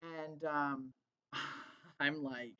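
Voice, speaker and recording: A woman's voice: low voice, steady tone, very slow, pushed and bright, smooth, lo-fi sound. A woman hosting a casual diary vlog, chatty, laughing often and acting out what people said. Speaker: vlog host.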